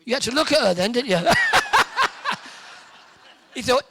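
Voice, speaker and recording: A man's voice: very high-pitched, animated, noisy background. A man from Hertfordshire, hosting a live event and bantering cheekily with the audience in an indoor hall. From Hertfordshire, England. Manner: joking, teasing, quick with quips. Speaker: host working the audience.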